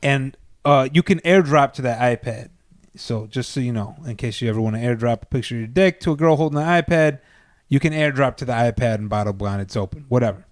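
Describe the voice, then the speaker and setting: A man who works as a DJ, telling a story as a podcast guest in a casual, profane, animated way. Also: medium pitch, brisk, no room sound, clean studio sound.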